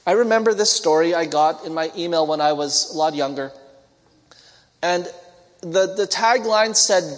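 A man's voice: high voice, moderate pace. A man preaching a sermon, telling stories and acting out the voices of the people in them. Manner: storytelling, acts out quoted voices. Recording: long hall reverb.

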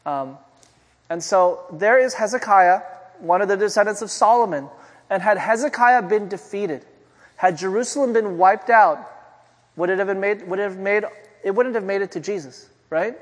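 A man's voice: high-pitched, normal speed. A man preaching a sermon in a conversational way, often asking the congregation rhetorical questions. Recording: long hall reverb.

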